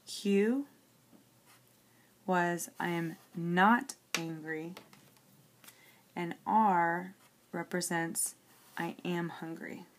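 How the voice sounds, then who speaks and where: A woman teacher talks slowly through an example she is writing out, keeping her voice slightly low. She explains one step at a time and keeps checking in with a quick "okay" before moving on. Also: steady tone, slight background noise. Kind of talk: classroom lesson, working an example on paper.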